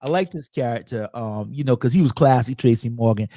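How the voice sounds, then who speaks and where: A man's voice: medium pitch, brisk, warm tone, no echo. A man hosting a casual movie review chat, talking in an easygoing way and telling personal anecdotes. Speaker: host.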